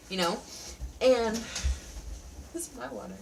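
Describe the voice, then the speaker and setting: A woman with a fairly high voice talks through a TV episode in a loose, sarcastic, chatty way. She is recording at home, sitting a little back from the mic, with a faint hum of background noise. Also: slow, creaky, far from the mic, rough recording. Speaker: TV show reviewer. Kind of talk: casual spoken review.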